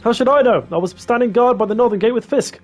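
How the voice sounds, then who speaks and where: A man's voice: very high voice, fast, faint music behind, pitched above the performer's own voice. A man voicing a proud, touchy young male soldier who talks defensively.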